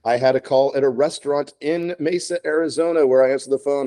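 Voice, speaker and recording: A bartender co-hosting a podcast swaps casual bar stories, acting out phone calls as he goes. He talks fast in a mellow, medium-pitched voice with fairly even intonation.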